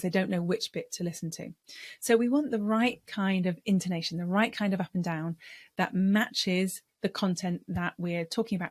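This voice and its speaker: A woman speaking coach teaching to camera in a clear, deliberate way, sometimes acting out voice styles. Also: mid-range voice, a little mellow, dry recording.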